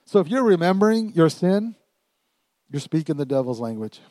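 Animated pastor preaching a sermon. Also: male voice, a little high, normal speed, dry recording. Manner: animated, call-and-response with congregation; emphatic, swings from quiet to loud. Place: church.

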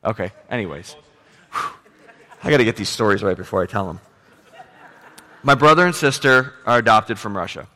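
A man preaching a sermon as pastor, moving from quiet storytelling into loud, emphatic exhortation. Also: fairly low pitch, normal speed, pauses often, long reverb tail.

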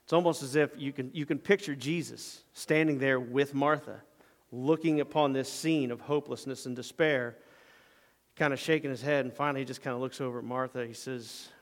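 A man pastor preaching a sermon in a church sanctuary, swinging between loud emphatic passages and hushed, quiet asides. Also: medium pitch, fairly even intonation, a little fast, big-room sound.

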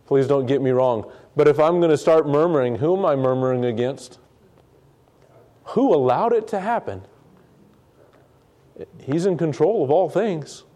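A man's voice: a little high, animated, measured pace, long pauses, mellow. A man teaching a sermon on a Bible passage in a conversational way, repeating words and acting out the people's complaints. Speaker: preacher.

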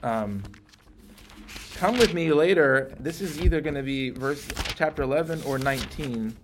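A man leads a casual Bible class at a middling pitch, chatty and lively, slipping into little acted voices when he quotes a passage. There is a faint hum of room ambience behind him. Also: a little slow. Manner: conversational, animated, quotes scripture in acted voices.

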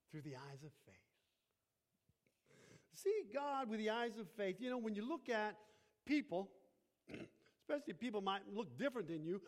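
Guy preaching a sermon, pretty high voice, repeats himself a lot, big echoey church. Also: darkish tone. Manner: repeats phrases for emphasis, asks the congregation questions. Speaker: pastor. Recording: long hall reverb.

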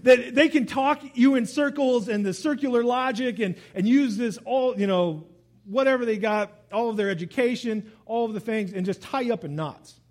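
Lively high-voiced man preaching. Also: moderate pace. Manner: animated, conversational preaching with asides and laughs. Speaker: pastor. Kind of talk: sermon.

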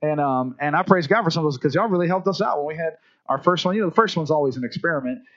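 A man preaching a sermon, telling lively stories and acting out voices. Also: on the high side, very fast, highs cut off. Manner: animated storytelling, acts out voices. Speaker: pastor.

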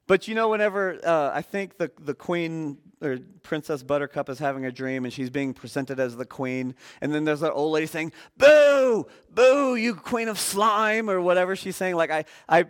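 A man preaching as a guest speaker in a relaxed, conversational sermon, joking with the congregation and using many fillers. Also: medium pitch. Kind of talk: casual sermon.

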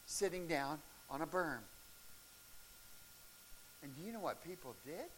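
A middle-aged male pastor telling stories in a sermon, animated and breaking into shouts and laughs at the peaks of a story. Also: on the high side, measured pace. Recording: faint hiss.

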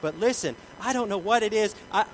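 Pastor, middle-aged man, slightly high voice, lively self-mocking sermon, faint hiss behind. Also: fairly quick, rough recording. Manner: animated, self-deprecating storytelling with big swings in loudness.

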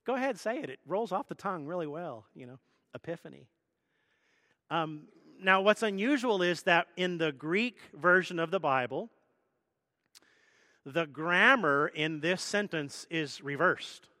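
Male pastor, high bright voice, chatty teaching sermon with jokes, dry mic but a long hall tail. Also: animated, unhurried. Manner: conversational teaching with self-deprecating jokes.

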